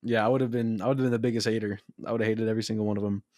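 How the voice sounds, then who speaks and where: A man's voice: on the low side, steady tone, racing, a little mellow. A young man co-hosting a podcast, joking around and laughing often, with many fillers. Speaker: podcast co-host. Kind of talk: casual chat.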